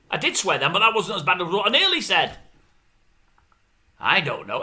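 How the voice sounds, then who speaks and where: A man ranting about television in a loose, opinionated way. His voice sits high and sounds very bright and sharp, and his pitch swings widely as he grumbles. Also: moderate pace. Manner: grumbling, animated, mimics others' voices. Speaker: showbiz commentary vlogger. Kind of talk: casual opinionated rant.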